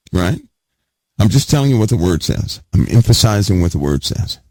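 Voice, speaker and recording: A male preacher teaching from scripture, his low voice gravelly and a little husky. He leans on the same words again and again and throws questions at the room, his pitch swinging widely. The sound is dry and close. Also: big pitch swings, moderate pace, warm tone, no room sound. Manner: emphatic, repeats key words, asks the audience questions. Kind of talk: sermon teaching.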